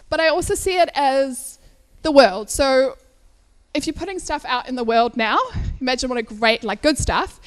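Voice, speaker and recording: A woman in her thirties from South Africa, telling a personal story to a live audience at an indoor event, chatty and laughing often between fillers. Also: sits high.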